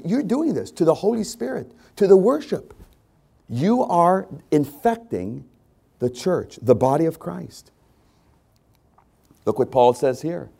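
A man's voice: on the high side, vocal fry, mellow, husky. A male pastor preaching a conversational sermon to his congregation, repeating phrases for emphasis.

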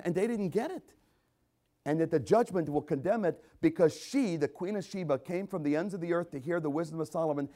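Animated older male pastor preaching. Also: on the high side. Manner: animated, swings between loud emphasis and quiet asides. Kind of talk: sermon.

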